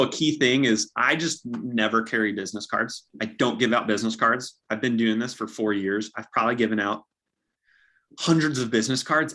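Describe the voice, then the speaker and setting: Young man, real estate agent type, upbeat coaching delivery with a bright, forward tone. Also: medium pitch. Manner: upbeat, practical, acts out sample dialogues. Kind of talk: casual coaching talk.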